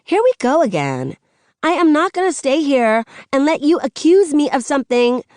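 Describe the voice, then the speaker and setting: Woman reading Haley, a shrill indignant teen girl. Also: very animated, normal speed, a little mellow, no echo. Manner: high-pitched, rising and accusing. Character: indignant teenage girl, defensive and sharp. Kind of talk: audiobook narration.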